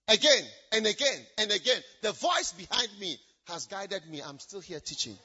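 A woman preacher delivering an emphatic sermon, repeating herself, swinging between loud shouted lines and hushed asides. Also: mid-range voice, very animated, normal speed, hardly any pauses, breathy edge, lo-fi sound.

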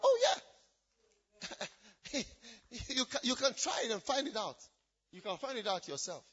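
A woman preacher delivering an emphatic sermon, repeating herself, swinging between loud shouted lines and hushed asides. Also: on the high side, wildly swooping pitch, unhurried, husky, highs cut off.

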